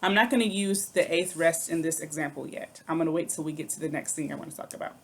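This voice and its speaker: A woman's voice: low-pitched, quick pace, breathy edge. A woman teaching a music lesson, patiently explaining rhythms, counting aloud and chanting rhythm syllables. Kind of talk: recorded online music lesson.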